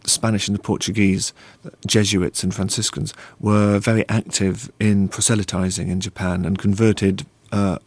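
Low-voiced male author, thoughtful. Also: a little mellow, dry recording. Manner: thoughtful, with many pauses and fillers. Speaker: author and interview guest. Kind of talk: interview answers and book reading.

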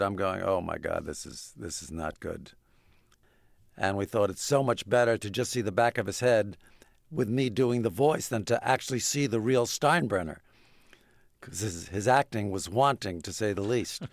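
A male interview guest telling wry anecdotes, often breaking off and restarting mid-sentence. His voice sits low with a gravelly fry, recorded dry and close. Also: dry recording. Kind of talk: interview storytelling.

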